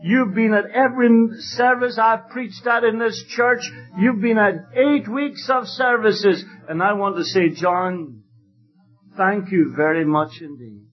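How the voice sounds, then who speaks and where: A man preaching an evangelistic sermon, telling stories fervently and emphatically, with loud exclamations at times. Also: sits high, unhurried, dull audio, faint music behind.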